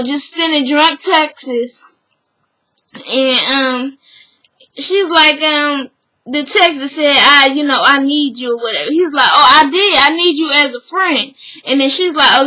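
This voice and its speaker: A woman's voice: sits high, pushed and bright, poor audio. A young woman talking casually and bluntly as a vlogger, acting out quotes and swearing freely as she recaps.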